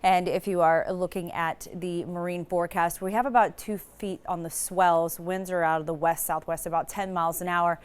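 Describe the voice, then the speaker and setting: Casual low-voiced woman weather forecaster. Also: steady tone, moderate pace, few pauses, clear, resonant tone. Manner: casual, many "so" starts and small restarts. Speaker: TV meteorologist.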